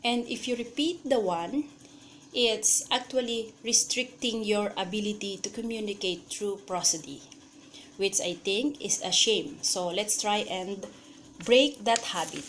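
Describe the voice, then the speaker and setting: A woman student reciting a memorized speech for a class activity. She speaks in short phrases, stumbles now and then, and jumps in pitch and loudness to act out her points. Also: a little slow, a little hiss or hum.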